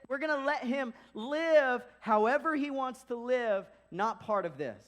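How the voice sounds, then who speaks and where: High-voiced, animated young man preaching. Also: unhurried. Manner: casual and animated, acting out quoted voices. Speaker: pastor. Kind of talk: sermon.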